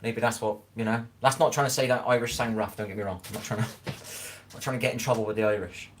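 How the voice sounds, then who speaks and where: The man here is a Scottish livestreamer chatting loosely in his home kitchen, rambling and repeatedly asking "do you know what I mean." He talks fast in a mid-range voice with fairly even intonation, and a little hiss or hum can be heard.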